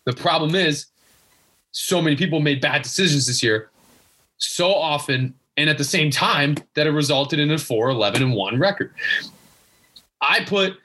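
A young man with a husky, bright-edged voice rants as a guest fan in a casual chat. He sounds exasperated and emphatic and circles back to the same points. His voice sits a little above the usual male range. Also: fairly high pitch, expressive, moderate pace. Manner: exasperated, emphatic, repeats himself. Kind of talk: casual rant.

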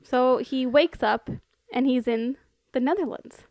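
A woman's voice: high-pitched, unhurried, a little mellow, dry recording. A woman co-hosting a podcast, chatting casually about a film with lots of "like" and frequent laughter. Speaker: podcast co-host. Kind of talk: casual chat recapping a film.

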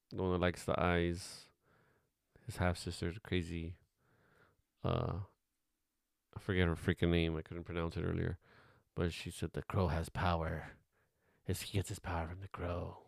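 A man's voice: low voice, creaky, no room sound, clean studio sound. A man giving a casual, rambling film commentary as host, offhand and swearing now and then.

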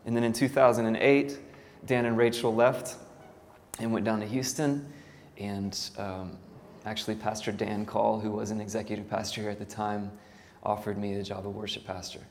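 A man's voice: lowish voice, steady tone, moderate pace. A man in his thirties, a worship pastor, telling his story casually to a church audience with many fillers and self-deprecating asides. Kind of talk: church talk. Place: church hall. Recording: hall reverb, faint ambient noise.

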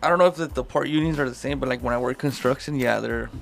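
A man with a gravelly, fry-heavy voice talks quickly in relaxed podcast banter. He sounds easygoing and offers his view without pushing. Faint music sits behind him. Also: medium pitch. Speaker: podcast co-host, construction worker. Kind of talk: casual chat.

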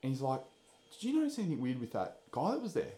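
A man's voice: medium pitch, fast talker, echoey room. A young Australian man hosting a podcast, telling stories in casual, swearing chat. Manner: animated, swearing storyteller. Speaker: podcast host.

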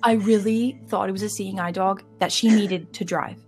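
A woman's voice: mid-range voice, steady tone, normal speed, darkish tone. Young woman podcast host, giggly and chatty, trips over m words, faint music under her. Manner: giggly, chatty storyteller with a slight stutter on m-words. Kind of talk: casual podcast chat.

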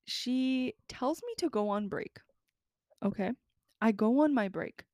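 Young woman telling a lively, profane story. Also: fairly high pitch, takes it slowly, no room sound, studio quality. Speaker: podcast co-host telling a story. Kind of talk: casual chat.

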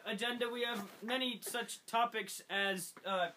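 A man's voice: extremely high pitch, fairly even intonation, a little slow, pushed and bright, poor audio. A teenage boy hosting a casual podcast with friends, joking and laughing often, with frequent restarts. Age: teens. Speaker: podcast host. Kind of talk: casual chat. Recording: phone recording with faint noise.

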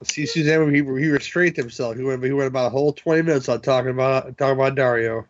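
A man's voice: mid-range voice, fast, dry recording. A man co-hosting a casual movie commentary chat, sharing film trivia in a rambling way with restarts, on slightly dull lo-fi audio. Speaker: podcast co-host.

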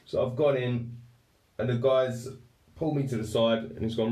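A man's voice: mid-range voice, steady tone, normal speed, a little mellow. A man with an English accent telling a personal story candidly, swearing freely and speaking with raw emotion. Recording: roomy echo, distant from mic.

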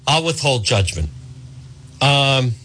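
A middle-aged man hosting an opinionated talk radio monologue, acting out quotes and often clearing his throat. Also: medium pitch, slow pace, slight background noise. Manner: animated, acts out quotes, frequent throat clearing. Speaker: radio talk show host.

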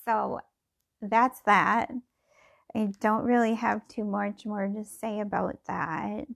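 A woman's voice: mid-range voice, level tone, takes it slowly, creaky, fairly bright tone. A middle-aged woman thinking aloud in a casual personal podcast, meandering and full of fillers and restarts.

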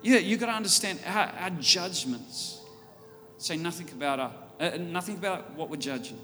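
A man with an Australian accent preaches in a church hall. His voice is bright and forceful, pitched a bit high, and it carries a long reverb from the hall. Faint music plays underneath. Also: animated, normal speed. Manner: storytelling, building to loud fervent preaching. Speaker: pastor. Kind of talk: sermon. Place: church auditorium.

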